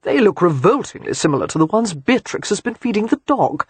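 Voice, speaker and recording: A man's voice: high-pitched, very animated, brisk, husky, no echo, pitched above the performer's own voice, heavily acted. The audiobook narrator voicing a sardonic, exasperated aristocratic man. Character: sardonic aristocratic man, dry-witted lord.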